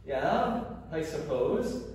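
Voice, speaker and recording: A man's voice: on the high side, very animated, a little mellow, heavily acted. A man playing a chatty, tactless Irish guy. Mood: rambling. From Ireland. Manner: rambling, apologetic, quick to laugh. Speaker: character in a comedy audio sketch. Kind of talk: scripted comedy dialogue. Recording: echoey room, distant mic, faint noise.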